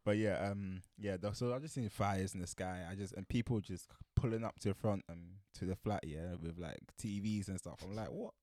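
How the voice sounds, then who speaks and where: A man's voice: deep voice, fairly quick, few pauses, warm tone, no room sound, studio quality. A young man with a South London accent, co-hosting a casual podcast chat in laid-back slang and laughing often. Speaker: podcast co-host.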